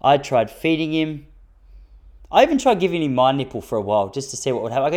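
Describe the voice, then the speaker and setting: A man in his thirties with an Australian accent, telling stand-up stories in a wry, self-mocking way, jumping his pitch up high for quoted lines. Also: animated, fast talker, a little mellow. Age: 30s. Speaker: stand-up comedian. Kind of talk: stand-up comedy storytelling.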